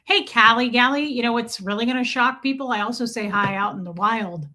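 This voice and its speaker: A woman's voice: on the high side, fairly quick. A woman hosting a casual live stream, chatting and greeting viewers one by one with teasing banter. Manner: chatty, teasing, warm toward chat. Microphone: streaming mic.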